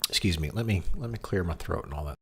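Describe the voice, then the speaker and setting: Guy on a livestream, deep husky voice, rambly and joking about himself, headset mic at home. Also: animated, fast talker. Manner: rambling, self-deprecating, frequent restarts. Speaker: streamer. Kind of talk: casual livestream chat. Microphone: headset microphone with monitoring.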